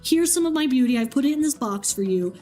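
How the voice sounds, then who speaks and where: Woman doing kindly underworld queen, gushing, sympathetic, high. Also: expressive, quick pace, mellow, soft background music.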